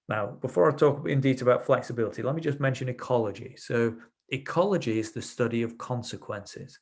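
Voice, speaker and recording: Creaky and medium in pitch, a male NLP trainer gives a webinar lecture. He makes his ideas clear through anecdotes from his sessions, frequently starting over.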